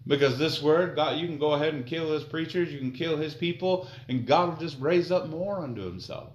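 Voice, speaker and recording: A man preaching a sermon, slowing down to read scripture aloud and swinging from quiet low asides to loud emphatic declarations. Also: lo-fi sound, a little hiss or hum. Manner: reads scripture slowly and deliberately.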